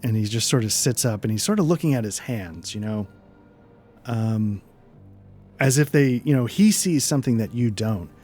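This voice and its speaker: Male game master, mid-pitched, rambling narration full of ums and restarts, faint music under him. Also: lively intonation, moderate pace, warm tone. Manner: rambling, hesitant narration with many fillers.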